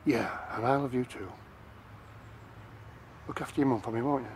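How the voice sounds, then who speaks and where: A calm, soothing father who reassures his child. There is noise behind his voice. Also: on the high side, normal speed. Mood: reassuring.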